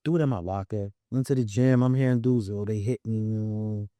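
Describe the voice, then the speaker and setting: New york guy telling a story on a podcast, mellow and dry, acts out every voice. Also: on the low side, brisk, clear, resonant tone, dry recording. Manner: animated, acts out quoted voices. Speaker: podcast guest. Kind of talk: casual storytelling.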